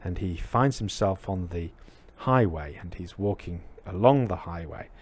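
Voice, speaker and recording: Low husky man giving a dharma talk. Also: a little slow, darkish tone. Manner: reflective, hesitant with many fillers. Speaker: Buddhist teacher.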